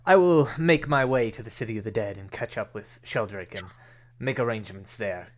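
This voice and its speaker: A man doing a formal, consoling noble gentleman. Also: fairly low pitch, lightly acted. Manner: formal, measured, slow speech. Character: courteous, consoling male noble benefactor.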